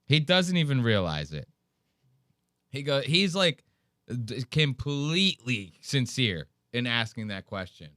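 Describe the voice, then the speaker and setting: A man's voice: mid-range voice, a little slow, no room sound, studio quality. A man hosting a podcast, telling stories animatedly with lots of swearing and acted-out quotes. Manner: animated, profane storytelling, acting out quotes. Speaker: podcast host. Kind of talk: casual podcast commentary on clips.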